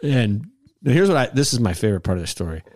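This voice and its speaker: A man's voice: medium pitch, big pitch swings, fast, darkish tone, no room sound, clean studio sound. A man hosting a podcast, telling a story in a rambling, casual way, repeating words and acting out quotes.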